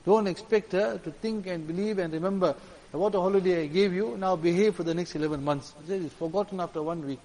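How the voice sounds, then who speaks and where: A male preacher with a notably high-pitched voice delivers an earnest, emphatic sermon. He drives his points home by repeating phrases. His voice rings with a long reverb, as if it were recorded in a large hall. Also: fairly quick, mellow. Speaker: religious preacher.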